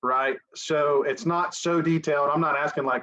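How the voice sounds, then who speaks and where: A man's voice: on the high side, fairly even intonation, moderate pace, a bit bright, muffled recording, a little hiss or hum. A man co-hosting a business podcast in casual chat, easygoing, cutting in with jokes. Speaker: podcast co-host.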